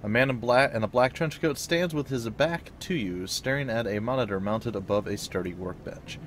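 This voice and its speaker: A man's voice: medium pitch, normal speed, a little hiss or hum. Man reading game text aloud. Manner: reads narration aloud, with casual asides and small slips. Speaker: let's play host.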